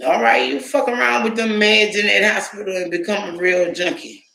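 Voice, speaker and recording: A woman's voice: mid-range voice, fairly even intonation, normal speed, vocal fry, sharp tone. Profane, indignant woman vlogger in an echoey room. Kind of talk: casual monologue.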